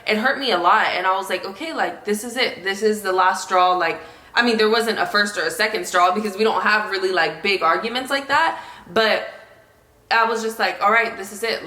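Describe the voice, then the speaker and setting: A young woman in a vlog, talking emotionally in quick run-on sentences full of fillers. Her voice is bright and forward at a medium pitch. An echoey room rings around her. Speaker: vlogger, partner in a couple channel. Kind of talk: emotional relationship talk to camera.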